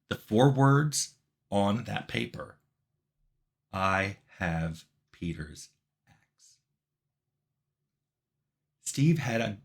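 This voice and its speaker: A middle-aged man with a fairly low voice tells a tabletop game story in a relaxed, wry way. He chuckles now and then as he goes. He talks casually and directly to his listeners. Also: creaky. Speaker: game developer telling a story.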